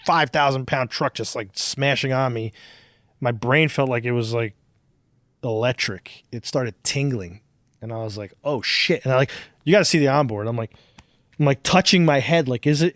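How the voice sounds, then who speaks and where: A man's voice: medium pitch, fairly bright tone, no echo, studio quality. Rambling, cursing male podcast host. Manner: profane, rambling storyteller with many fillers. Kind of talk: casual podcast chat.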